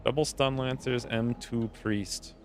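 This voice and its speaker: A man's voice: medium pitch, fairly even intonation, unhurried, slight background noise. Chatty man streaming a strategy game. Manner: chatty, laughs easily, thinks aloud. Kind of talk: live gameplay commentary.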